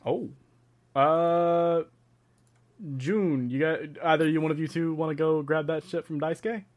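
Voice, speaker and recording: A man playing a tabletop game who talks quickly and stammers in repeats. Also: on the high side, fairly even intonation. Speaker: player.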